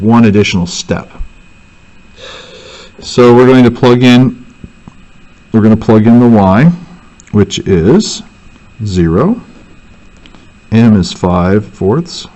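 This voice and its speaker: A man's voice: on the low side, expressive, slow, long pauses, warm tone. A male teacher walking through a worksheet and thinking aloud, correcting himself as he goes. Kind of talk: worksheet walkthrough lesson.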